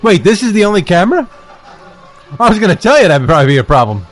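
A man chatting as a podcast guest in a bar, telling stories in a relaxed, self-deprecating way. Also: high-pitched, fast. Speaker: podcast guest, football reporter. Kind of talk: casual chat.

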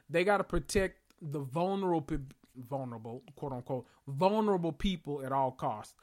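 A man casually recapping a TV episode, sassy and profane, telling it like gossip. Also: fairly high pitch. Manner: sassy, profane, animated storytelling with slang.

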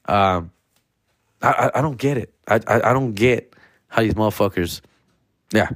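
A man telling comic stories in a loose, profane, slang-filled way, slipping into animated voices. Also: fairly low pitch, moderate pace, dry recording, studio quality. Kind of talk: casual comedic storytelling.

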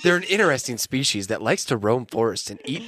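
A man co-hosting a podcast, reading forest history aloud with deadpan joking remarks. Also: mid-range voice, fairly quick, slight background noise. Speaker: podcast co-host. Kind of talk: casual reading with jokes.

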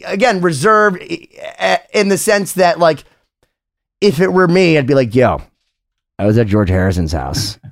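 A high-pitched man hosting a casual podcast chat. He rambles with enthusiasm, restarts his sentences and swears freely, gushing over his guest. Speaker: podcast host.

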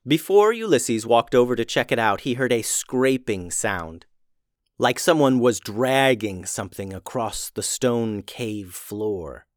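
A man narrating a fantasy story in an expressive storytelling voice. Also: medium pitch, measured pace, no echo, clean studio sound.

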